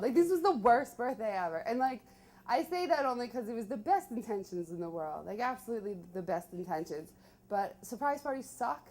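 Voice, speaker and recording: Chatty young Philly-woman, fairly high voice. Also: a little fast. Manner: chatty, animated, peppered with "like". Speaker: storyteller. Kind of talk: live personal storytelling.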